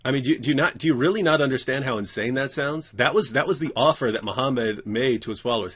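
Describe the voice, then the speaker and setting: A man's voice: medium pitch, quick pace, hardly any pauses, a bit bright, breathy edge. A man co-hosting a commentary show, sarcastic and laughing often. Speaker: co-host. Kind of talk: mocking commentary.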